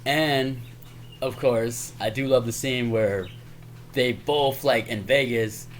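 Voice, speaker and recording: A man's voice: medium pitch, steady tone, takes it slowly, slight background noise. A man casually recapping favorite comedy movies on his channel, rambling and chuckling, peppering his talk with "man" and "y'all". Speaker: YouTuber.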